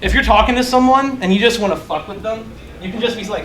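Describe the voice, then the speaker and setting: A young man with a fairly high voice gives a loose, profane conference talk. He jokes at his own expense, and his voice rings around a roomy, echoey hall. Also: fast talker, a crowd in the background. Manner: loose, profane, joking, self-mocking. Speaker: conference speaker.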